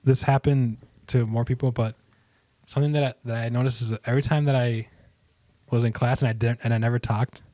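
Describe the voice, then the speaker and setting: A young man co-hosting a podcast, chatting casually about his school days. He talks in a relaxed, halting way, restarting his sentences and swearing freely. His voice sits at a middle pitch and is recorded dry and close. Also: no room sound. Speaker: podcast co-host. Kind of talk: casual chat.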